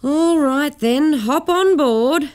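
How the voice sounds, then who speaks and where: A woman voicing a cheery, booming middle-aged man on a bicycle in a storybook reading, hearty and kindly. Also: slow. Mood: hesitant.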